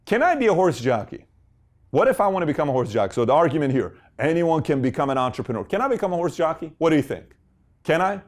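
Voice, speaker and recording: A middle-aged man hosting a motivational talk, animated, firing off rhetorical questions with big swings in pitch. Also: quick pace. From Middle Eastern family. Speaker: host.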